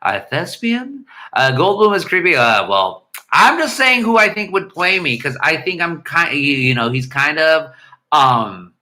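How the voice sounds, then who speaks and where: A man's voice: fairly high pitch, big pitch swings, unhurried, bright, forceful tone. A middle-aged man hosting a casual livestream chat and answering viewer questions in a blunt, irreverent, rambling way.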